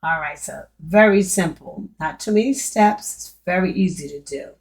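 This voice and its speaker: A young adult woman walking viewers through an online store tutorial, excitedly repeating prices and exclamations for emphasis. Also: fairly low pitch, normal speed. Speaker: online business creator. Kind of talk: excited screen-share product walkthrough.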